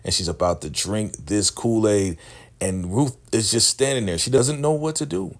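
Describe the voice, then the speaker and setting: A young man with a lowish voice recaps a TV episode in a loose, chatty way. He is animated and talks straight to his audience as family. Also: normal speed, gravelly. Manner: animated, calls the audience family, acts out quotes. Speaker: TV recap YouTuber.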